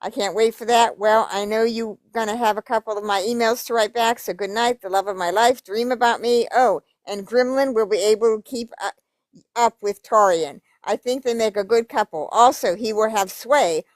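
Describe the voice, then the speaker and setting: A YouTube commentator reads emails aloud with commentary, breaking in with blunt, profane asides. Her voice is on the high side at a moderate pace, with a dry, close sound and no room echo.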